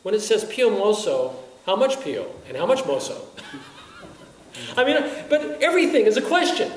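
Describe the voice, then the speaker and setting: A man's voice: high voice, normal speed. A man, a wind band conductor, lecturing music teachers and firing off rhetorical questions with frequent chuckles. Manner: animated, asks many rhetorical questions; chuckles often. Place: lecture room at a teaching workshop. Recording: echoey room, heard from a distance, faint hiss.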